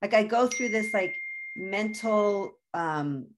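A woman's voice: medium pitch, expressive, slow, noisy background. A woman, a guest author, speaking in an earnest, reflective way as she tells personal stories in a conversational interview.

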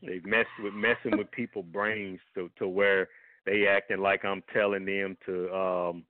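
A man's voice: sits low, level tone, measured pace, no echo. A man speaking as a health guest on a radio talk show, blunt and heated in his manner. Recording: tinny phone line, dry.

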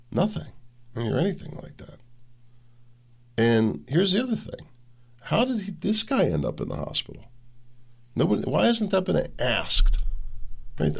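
A man's voice: fairly high pitch, creaky, breathy edge. A man hosting his own show, delivering an indignant, sarcastic political rant. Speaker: podcast host. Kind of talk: political commentary monologue.

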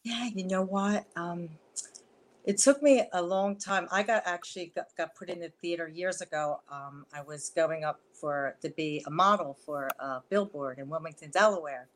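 A woman's voice: lowish voice, normal speed, a little hiss or hum. A woman with a Philadelphia accent, talking as a guest actress in a casual video call interview, rambling and chatty with frequent laughter. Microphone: wireless earbuds at first.

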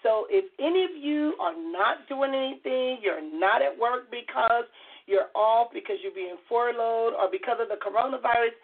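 A middle-aged woman with a hoarse voice hosts a call-in radio show, chatty and earnest as she tries to keep her voice soft. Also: on the high side, moderate pace. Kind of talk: call-in talk radio monologue. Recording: tinny phone-line audio.

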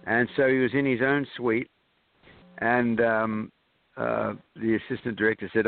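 A man's voice: medium pitch, little pitch movement, a little slow, gravelly, no echo. Rambling man telling stories over a phone line. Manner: rambling, hesitant, full of ums, chuckling. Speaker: film director guest. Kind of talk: anecdotal storytelling in an interview. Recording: tinny phone-line sound.

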